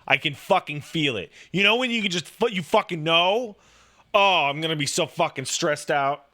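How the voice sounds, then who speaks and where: A man's voice: a little high, normal speed. A man chatting casually, rambling and swearing, packing his talk with "like" and acting out the voices in his stories. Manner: profane, rambling, animated storytelling with acted-out quotes; filler-heavy, says "like" constantly. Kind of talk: casual chat.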